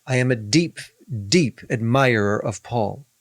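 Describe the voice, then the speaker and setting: A man's voice: medium pitch, measured pace, no room sound, studio quality. A man, a rabbi, in a podcast discussion, speaking emphatically, repeating key phrases and reading scripture aloud.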